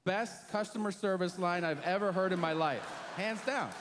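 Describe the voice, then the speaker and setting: A man doing stand-up comedy, telling a story in an animated, exasperated way and acting out outbursts, on a stage before a live audience. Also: sits high, moderate pace, big-room sound, a little hiss or hum. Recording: live stand-up set with loud crowd laughter. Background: audience laughter.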